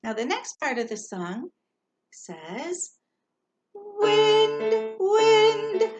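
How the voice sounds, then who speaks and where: A woman's voice: fairly high pitch, very animated, over loud music. A woman leading a Sunday school class, patiently teaching a children's song line by line with a ukulele on a dull, lo-fi recording. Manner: slow, patient, sings lines then talks through them. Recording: dull lo-fi sound with loud ukulele.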